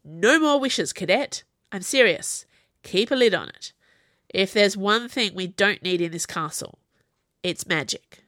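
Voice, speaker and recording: Gruff male sergeant, clipped and weary, steady middle pitch, read by a woman narrator. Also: measured pace, dry recording, studio quality.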